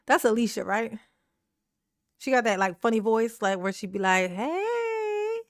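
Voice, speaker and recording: A woman's voice: mid-range voice, steady tone, normal speed, no echo, clean studio sound. A woman hosting casual online commentary, chatty and slangy, laughing often and talking back to what she watches.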